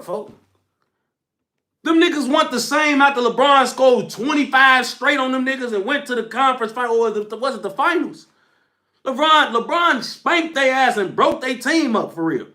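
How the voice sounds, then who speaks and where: A man's voice: very high voice, bright, forceful tone. A young man hosting a livestream, speaking as he scolds his chat in a heated, repetitive, slangy rant. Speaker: livestream host.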